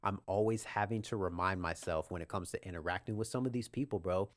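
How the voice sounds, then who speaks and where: A young man hosting a podcast, telling a story in a casual, profane rant, saying "bro" constantly and breaking into animated outbursts. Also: deep voice, quick pace, no room sound, clean studio sound. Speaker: podcast host.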